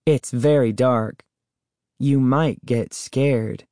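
A man's voice: fairly high pitch, big pitch swings, a little slow, a little mellow, no room sound, clean studio sound, pitched above the performer's own voice. A man voicing a bratty, boastful young girl who teases her cousin. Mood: smug. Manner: teasing, smug.

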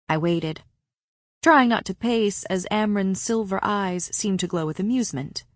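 A woman narrating a first-person fantasy audiobook in a steady, even storytelling manner. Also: mid-range voice, a little slow, dry recording, studio quality.

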